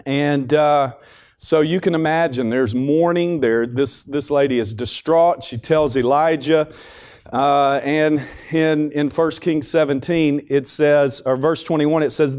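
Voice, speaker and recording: A man's voice: on the high side, fairly even intonation, a little slow, a little mellow. A man giving a devotional talk at a school chapel, speaking conversationally with frequent restarts and repeated words.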